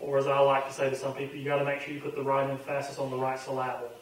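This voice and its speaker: A man's voice: mid-range voice, monotone, racing, distant mic. A man, a pastor teaching a Bible study in a folksy, earnest, conversational way with frequent fillers. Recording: very echoey room, voice off-mic with faint hum.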